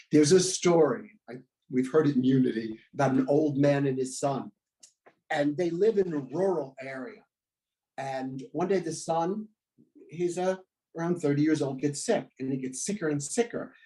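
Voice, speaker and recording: A man giving a reflective sermon at a spiritual center, in measured phrases with pauses. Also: medium pitch, dark tone, poor audio. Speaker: guest speaker at a spiritual center. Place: church sanctuary.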